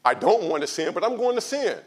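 An impassioned male pastor delivering a sermon, his fairly high voice rising to loud, stretched-out pleas. He calls out to the congregation, then sinks into low, quiet urging. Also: big pitch swings, brisk, husky.

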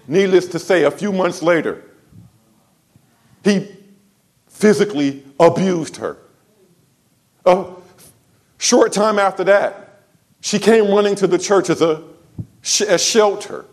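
A man with a high voice preaches to his church. He tells stories, drops low and quiet for asides, and then rises into loud, ringing declarations. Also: slow pace, long pauses. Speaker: pastor. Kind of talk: sermon.

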